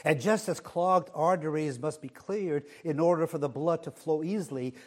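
A man preaching a sermon, measured, often dropping to a hush on key words. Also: a little high.

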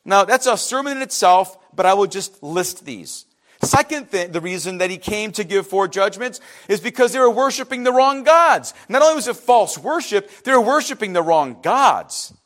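Male preacher, wide-ranging animated delivery, passionate sermon with chatty asides. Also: high voice, moderate pace. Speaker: pastor.

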